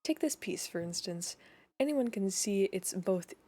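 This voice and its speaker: A woman voicing a fussy, pompous elderly gentleman with long-winded, grandly formal speech, read aloud from a storybook. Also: medium pitch, animated, a little slow. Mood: boastful.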